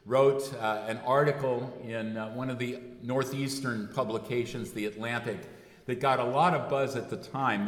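A man's voice: mid-range voice, moderate pace. A man giving a sermon, speaking loosely and correcting himself often with fillers. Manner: rambling, self-correcting with frequent fillers. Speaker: preacher. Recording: echoey hall with long reverb.

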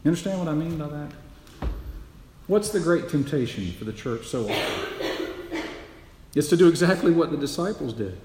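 A man's voice: a little high, lively intonation, moderate pace, pauses often, darkish tone, a little hiss or hum. A man preaching a sermon as pastor, emphatic, repeating key phrases and asking the congregation rhetorical questions. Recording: echoey hall with long reverb.

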